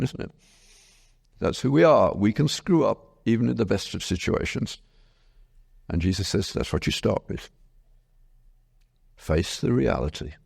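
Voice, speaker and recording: A man, a professor, giving a lecture to a live audience as an animated storyteller who keeps asking his listeners questions. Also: fairly low pitch, gravelly, slightly rough.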